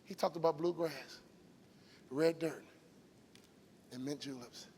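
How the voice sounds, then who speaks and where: A man's voice: on the high side, slow, creaky, darkish tone, a little hiss or hum. A middle-aged man from Chicago giving a motivational keynote with an emphatic, preacher-like cadence. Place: large event arena stage. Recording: long hall reverb from live arena.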